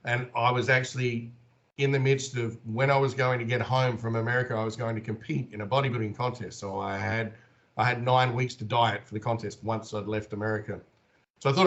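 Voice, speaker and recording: A man's voice: mid-range voice, little pitch movement, a little fast, a bit bright, dull audio. A man in his forties with an Australian accent, a guest telling stories animatedly in an interview. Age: 40s. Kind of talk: casual storytelling in an interview.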